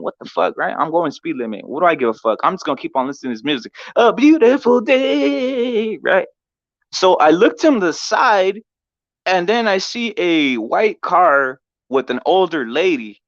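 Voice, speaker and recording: A man's voice: on the high side, fairly bright tone, dry recording. A man hosting a boxing show, telling stories in a loose, profane way, repeating himself and often asking "right?". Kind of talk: casual storytelling. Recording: dull lo-fi dry audio.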